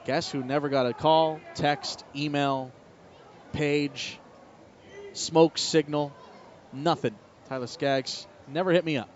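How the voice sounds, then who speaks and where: A man's voice: on the high side, takes it slowly, slight background noise. Baseball announcer man, slightly muffled broadcast. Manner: relaxed, anecdotal storytelling between lively play calls. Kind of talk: live baseball commentary mixed with personal storytelling. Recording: slightly muffled broadcast audio with faint ballpark ambience.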